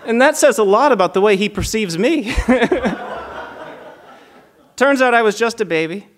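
A man's voice: high-pitched, expressive, moderate pace, long pauses, fairly bright tone. A young man doing stand-up, telling a family story in a wry way and chuckling at his own jokes. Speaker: stand-up comedian.

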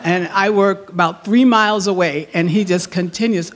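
A middle-aged woman telling a personal anecdote in a rambling way, laughing often along the way. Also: lowish voice. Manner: slow, rambling delivery with fillers.

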